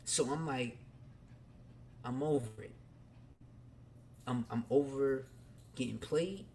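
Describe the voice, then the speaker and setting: A man hosting a podcast, telling a personal story candidly in casual slang, talking straight to his listeners and swinging between quiet and loud. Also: medium pitch, slow, a little hiss or hum. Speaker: podcast host.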